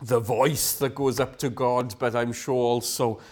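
A man's voice: medium pitch, fairly even intonation, unhurried, a little mellow. A man preaching a sermon. He asks rhetorical questions, repeats phrases for emphasis and sometimes drops to a whisper.

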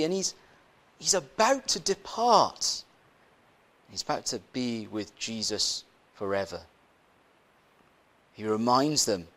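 A man preaching a sermon in an easy, conversational way, weaving in a personal story. His voice sits a little high and swings up and down a lot. He keeps asking his listeners questions and circles back over his own phrases. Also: a bit bright. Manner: conversational, asks the congregation rhetorical questions, repeats phrases.

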